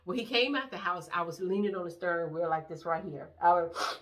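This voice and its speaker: A middle-aged woman vlogger telling a family story to camera in a casual, rambling, animated way. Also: fairly low pitch, fast talker. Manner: animated, rambling, acts out quoted voices.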